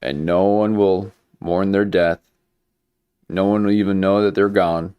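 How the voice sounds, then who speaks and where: A man hosting a livestream talks in a very deep, unhurried voice. He meanders through jokey asides and stops to restart his sentences. The delivery is loose and conversational. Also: steady tone, clear, resonant tone, highs cut off. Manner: meandering, many fillers and restarts, joking. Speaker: livestream host. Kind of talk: casual conspiracy commentary.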